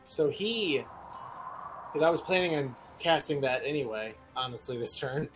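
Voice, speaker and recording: A man narrating a tabletop game as game master, in loose, halting speech full of fillers. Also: a little high, expressive, over music.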